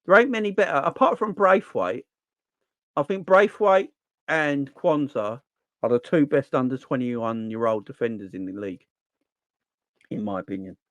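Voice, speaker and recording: Brief: male stream host, animated slangy football talk, dry close sound. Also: mid-range voice, normal speed, no room sound. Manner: animated, slangy, answers chat. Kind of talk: casual live-stream chat.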